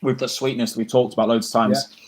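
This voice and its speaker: A man's voice: mid-range voice, little pitch movement, fairly quick. A man co-hosting a casual live whisky tasting as the cocktail expert, talking in an easygoing, enthusiastic way with lots of fillers. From United Kingdom. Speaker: bartender and co-host.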